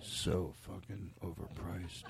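A man's voice: deep voice, slow pace, creaky. A man telling a comedic story casually, swearing often and acting out what people said. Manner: animated, profane, acts out quotes.

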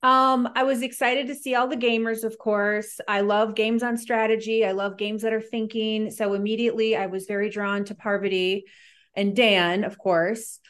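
A woman reality show contestant answering interview questions, telling stories animatedly and acting out quoted lines. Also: mid-range voice. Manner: animated, quick-paced storytelling with quoted dialogue.

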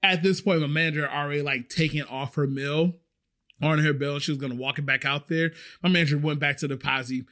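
A man who works as a restaurant server, telling a story in a chatty, animated way. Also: on the high side, a little fast. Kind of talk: casual storytelling.

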